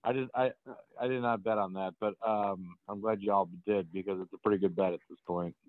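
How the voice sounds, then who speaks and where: A man with a Wisconsin accent talks sports in a relaxed, laughing way. His voice sits low and dry. It comes through a narrow, phone-like line. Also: brisk, no echo. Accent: Upper Midwest, Wisconsin. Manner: laughs often, relaxed and chatty. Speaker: podcast co-host. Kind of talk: casual chat.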